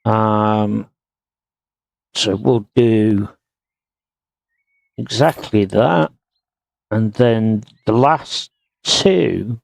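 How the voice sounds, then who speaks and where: Male streamer, very slow and gravelly, thinking aloud over gameplay, dry close sound. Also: lowish voice, a little mellow, no echo. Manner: slow, muttering to himself while working. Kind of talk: casual gameplay commentary.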